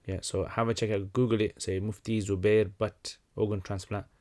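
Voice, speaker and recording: A man's voice: lowish voice, normal speed. Laid-back man hosting a stream. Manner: relaxed, conversational, many fillers and restarts. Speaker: livestream host answering questions. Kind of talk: casual livestream Q&A.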